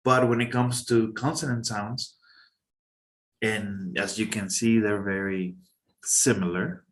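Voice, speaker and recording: Male teacher, low-ish pitch, casual halting classroom delivery. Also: steady tone. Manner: halting, checks in with students often. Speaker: English teacher.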